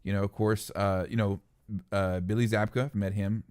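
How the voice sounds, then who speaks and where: Low-voiced male host, dry sound. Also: normal speed, smooth, no room sound. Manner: relaxed, brief agreements, reads viewer comments. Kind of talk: casual interview chat.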